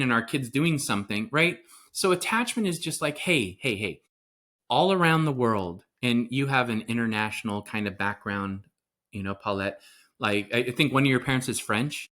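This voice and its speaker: A man's voice: mid-range voice, bright, forceful tone. A middle-aged man, a parenting coach and psychotherapist, talking as a podcast guest in an earnest, explanatory way and often acting out short quoted exchanges. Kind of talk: conversational podcast interview.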